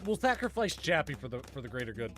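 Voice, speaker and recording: A man's voice: medium pitch, big pitch swings, quick pace, fairly bright tone, soft background music. A man streaming a game, chatting casually with viewers in a joking, sarcastic way. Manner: joking, sarcastic, talks to chat while playing. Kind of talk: casual gaming stream chat.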